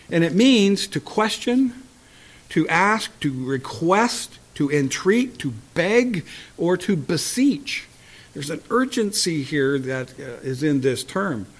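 Male preacher, slightly higher voice, steady teaching sermon, fillers, occasional throat clearing.

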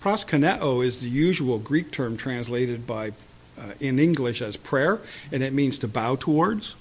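A man giving a Bible-teaching sermon in a measured teaching tone, pausing with fillers and clearing his throat now and then. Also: medium pitch, animated. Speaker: preacher.

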